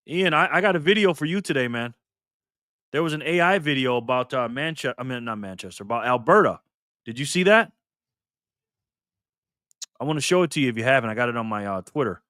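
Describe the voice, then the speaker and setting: A man runs a relaxed livestream, loosely reading viewer comments aloud, calling people "man" and "brother," and repeating or restarting phrases. His medium-pitched voice is animated, fairly quick, and fairly bright in tone, with long pauses, in a dry, studio-quality recording.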